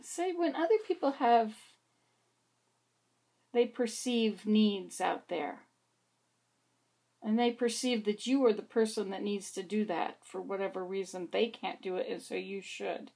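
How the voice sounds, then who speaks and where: A woman's voice: mid-range voice, measured pace, vocal fry, pauses often, mellow. A woman vlogging to camera, chatting in a rambling, meandering way with little asides to herself. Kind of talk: casual chat to camera. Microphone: camera facing her like a mirror.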